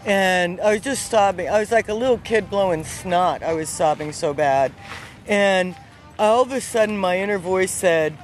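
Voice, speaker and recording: Animated woman telling a street story. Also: lowish voice, moderate pace, soft background music. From not the US South. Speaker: passer-by telling a personal story. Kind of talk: casual spoken storytelling. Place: outdoors on a city street.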